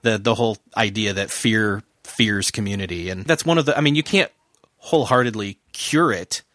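A man hosting a casual podcast chat, talking earnestly in halting, restarting phrases. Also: fairly low pitch, fairly bright tone, dry recording, studio quality.

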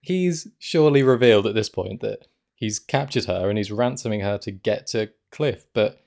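A man's voice: on the low side, normal speed, creaky, a little mellow. A man co-hosting a podcast, chatting casually about a film, joking and laughing often. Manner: jokey, laughs often, quotes lines in mock voices. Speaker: podcast co-host. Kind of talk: casual chat reviewing a film.

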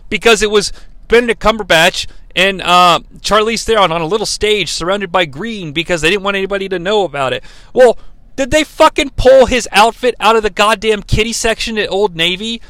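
A man with a high, bright voice rants casually as a podcast host. His talk is profane and sardonic. The recording is dry, with no room sound. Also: fairly quick, dry recording. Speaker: podcast host, film reviewer.

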